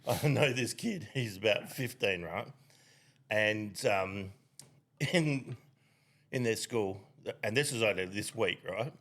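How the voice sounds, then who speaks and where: A man with a slightly husky voice trading crude jokes on a comedy podcast. He talks slowly, his pitch swinging widely as he laughs his way through his stories and swears freely. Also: lively intonation, fairly bright tone. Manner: swearing, laughing often, telling jokes and anecdotes. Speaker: podcast co-host.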